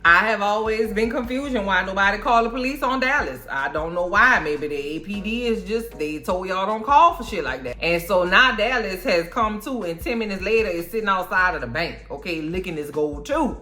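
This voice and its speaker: A woman with a bright, forceful voice gives a casual movie recap. She talks with sass and slang, keeps tossing in asides, and her tone stays lively the whole time. Soft music sits far back in the mix. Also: medium pitch, moderate pace, hardly any pauses. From American South. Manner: sassy, slangy and animated, with frequent asides. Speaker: movie reviewer.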